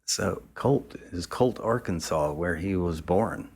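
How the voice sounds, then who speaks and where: Man photographer guest, low voice, easygoing profane yarn-spinner. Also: expressive, slow pace, vocal fry, a little mellow, breathy edge. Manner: loose, rambling, profane, chuckling. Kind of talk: casual storytelling anecdote.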